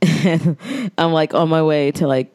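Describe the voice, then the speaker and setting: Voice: medium pitch, steady tone, a little slow, darkish tone, smooth, no room sound, clean studio sound. A podcast co-host, telling stories in casual, slangy chat and laughing often. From New York. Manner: laid-back storytelling, slangy, laughs often.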